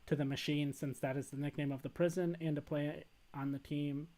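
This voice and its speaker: Man, monotone, mellow dark tone, matter-of-fact podcast pitch. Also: fairly quick. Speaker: podcast co-host pitching a movie. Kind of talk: casual podcast chat.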